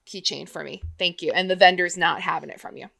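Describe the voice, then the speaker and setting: Brisk, bright-voiced woman game master. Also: on the low side, steady tone, creaky. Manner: brisk, many quick "okay" and "all right" check-ins. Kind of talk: running a tabletop game.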